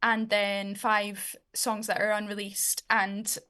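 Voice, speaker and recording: A woman's voice: mid-range voice, slow pace. A young woman with a Scottish accent, a singer chatting casually as an interview guest. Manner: relaxed, chatty, uses fillers like "um" and "like".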